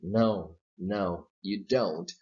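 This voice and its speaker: Slow, patient male pronunciation teacher. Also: deep voice, a little mellow. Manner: patient, explanatory, repeats model sounds and words. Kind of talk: slow step-by-step pronunciation lesson. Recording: slightly dull lo-fi recording.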